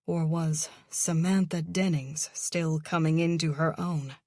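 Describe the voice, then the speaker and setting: A woman narrating a first-person psychological thriller audiobook in a measured, wry manner. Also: sits low, fairly even intonation, a little mellow, no room sound, studio quality.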